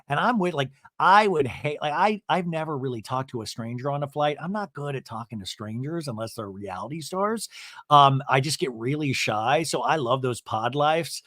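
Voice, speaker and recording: A man's voice: medium pitch, moderate pace, dry recording, clean studio sound. A man hosting a podcast, recapping a reality show in a casual, comic way, acting out the cast's lines and swearing freely. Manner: animated, swears, acts out cast members' lines. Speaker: podcast host.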